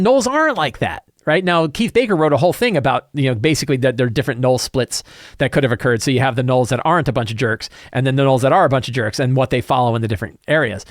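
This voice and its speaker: A man hosting a solo commentary show on tabletop role-playing games, talking in an opinionated, animated way with frequent restarts. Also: on the high side, no echo, clean studio sound. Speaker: show host.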